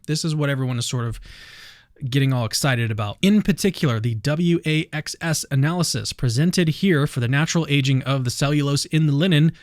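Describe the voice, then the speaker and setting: A man's voice: a little high, no room sound, clean studio sound. A man hosting a channel, reading a paper summary aloud in a casual commentary style, with self-deprecating asides. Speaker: channel host.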